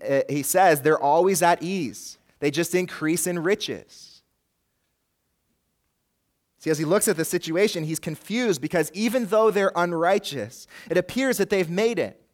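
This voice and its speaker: A man preaching a sermon as pastor, earnest and rising and falling in force, with a light joke now and then. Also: a little high. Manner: jokes lightly with the congregation.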